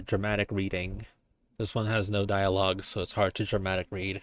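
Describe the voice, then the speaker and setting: A man's voice: low-pitched, little pitch movement, brisk. A man streaming a game, giving casual, joking commentary and swearing loosely as he reads through the game's text.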